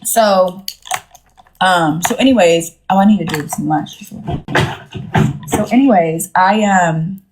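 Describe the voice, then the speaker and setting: A young woman with a low voice chats into her phone on a live stream. She rambles through a story, slangy and loose, slipping into the voices of the people she quotes. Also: slow pace, pauses often, soft background music.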